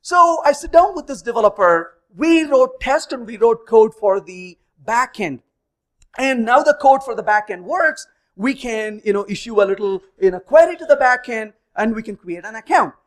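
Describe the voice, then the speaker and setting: A man's voice: very high-pitched, normal speed. A man in his fifties giving a technical conference talk, telling stories and acting out the dialogue in them. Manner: animated, acts out dialogue in stories. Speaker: conference speaker.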